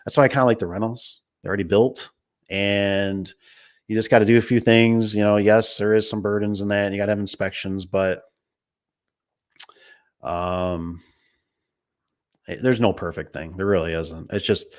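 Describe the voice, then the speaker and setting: A middle-aged man with a lowish voice tells stories about his garage door business in a loose, casual way. He rambles, backs up to restart his sentences, and drops quick impressions of the people he talks about. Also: steady tone. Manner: rambling, with many restarts and acted-out quotes. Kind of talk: casual storytelling.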